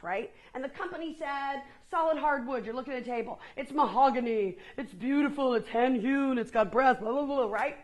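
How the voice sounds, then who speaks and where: A woman in her fifties giving an energetic motivational presentation, asking the audience questions. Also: high voice, rough recording. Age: 50s. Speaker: keynote speaker. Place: conference room with a live audience.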